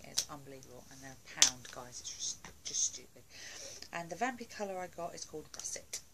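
A woman's voice: rumbling low, fairly bright tone, rough recording. A woman doing a casual beauty haul video at home, chatty and gushing, with lots of fillers and asides. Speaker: beauty vlogger.

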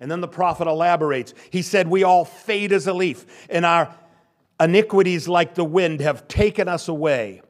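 A man's voice: high voice, moderate pace. An older male pastor giving a sermon, stressing and repeating key phrases. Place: church sanctuary.

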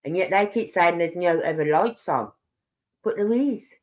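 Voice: mid-range voice, moderate pace. Rambling older live-stream host. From Birmingham, England. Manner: rambling, chatty, talks straight to viewers. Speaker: livestream host. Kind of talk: casual live-stream chat.

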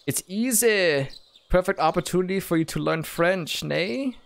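A man's voice: sits high, animated, measured pace, gravelly, voice pushed up, exaggerated voice. A man voicing a cheerful young male exchange student in a mock German accent, chipper and eager. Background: game music.

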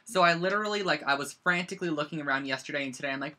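A teenager hosts a casual live-streamed craft lesson from a bedroom at home, picked up by the camera's own mic. The voice is bright and forward. The talk rambles along, full of "like" and quick side-stories. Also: medium pitch. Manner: rambling and chatty, heavy use of "like". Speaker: scrapbooking instructor.

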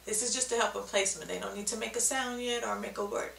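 A woman's voice: medium pitch, steady tone, quick pace, creaky, a bit bright, echoey room, far from the mic, slight background noise, rough recording. A woman giving a patient, step-by-step video lesson on speech sounds, often checking in with "okay?". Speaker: speech therapy teacher.

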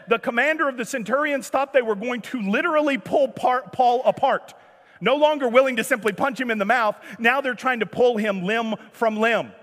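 A man preaching a sermon as pastor, animated and jokey, acting out the scripture scenes. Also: extremely high pitch, big-room sound. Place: church sanctuary.

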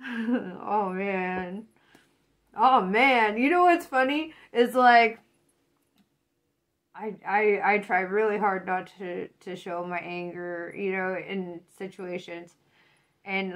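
A woman's voice: mid-range voice, takes it slowly, fairly bright tone. A woman doing a casual tarot reading, swearing a lot, laughing often and getting fired up. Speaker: tarot reader.

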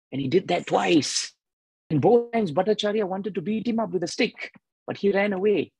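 A man giving a devotional sermon with a husky voice, emphatic and repeating key phrases. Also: sits high, moderate pace, darkish tone, low-quality recording. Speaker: devotional speaker.

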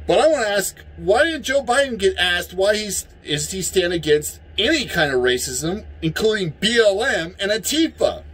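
High-voiced man in a profane rant. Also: very animated, normal speed, hardly any pauses, husky, low-quality recording. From United States. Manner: heated, profane, yelling at times. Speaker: vlogger. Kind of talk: angry political rant.

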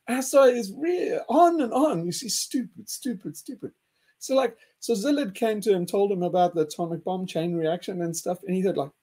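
A man hosting an animated group discussion, excitable and mocking, often laughing and jumping in pitch to act out quotes. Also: normal speed, breathy edge. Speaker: host.

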